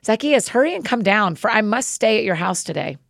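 A woman reading the words of Jesus, a calm male teacher, in a measured, solemn scripture reading. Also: medium pitch, vocal fry, no echo, clean studio sound.

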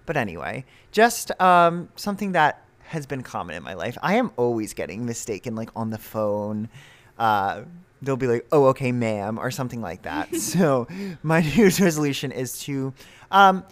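Man with a very lively voice. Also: mid-range voice, normal speed. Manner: laughing, rambling, self-mocking. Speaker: podcast co-host. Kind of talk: casual chat.

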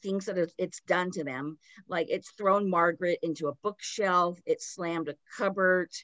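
A woman's voice: on the low side, normal speed, a bit bright, no room sound. A woman, a podcast host, retelling a story in a loose, casual chat full of "like" fillers.

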